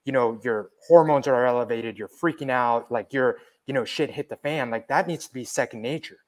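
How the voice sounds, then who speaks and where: A man's voice: mid-range voice, a little fast. A man co-hosting a podcast, explaining his points earnestly and repeating them, with a frequent "like". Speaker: podcast co-host. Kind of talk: casual podcast chat.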